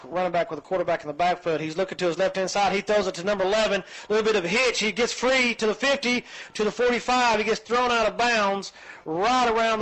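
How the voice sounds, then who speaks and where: A man calling high school football play-by-play in a folksy, chatty way. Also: low-quality recording. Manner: folksy, chatty, excitable on big plays. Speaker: play-by-play announcer.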